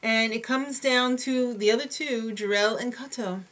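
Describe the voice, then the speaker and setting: A woman's voice: on the high side, steady tone, normal speed, fairly bright tone. A woman with a New York accent, co-hosting a casual, opinionated chat about a reality show. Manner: chatty, opinionated, joking. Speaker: recap show co-host.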